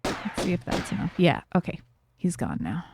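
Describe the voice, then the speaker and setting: Streaming a game, this New York-accented woman chats in a very animated, fairly low voice at a moderate pace over a noisy background. She's loose and talkative, filling her speech with fillers and laughing readily.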